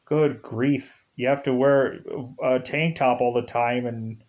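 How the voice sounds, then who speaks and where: A man's voice: medium pitch, steady tone, slow pace, darkish tone. A man casually recapping a TV episode in a rambling way, repeating filler words and chuckling often. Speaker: TV show reviewer. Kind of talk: casual commentary.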